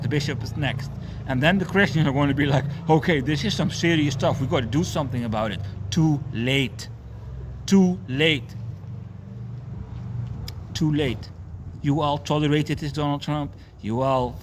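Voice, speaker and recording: A man's voice: medium pitch, slight background noise. A man delivering a profane, repetitive preaching rant, declaiming warnings and repeating phrases for effect. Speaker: self-styled preacher.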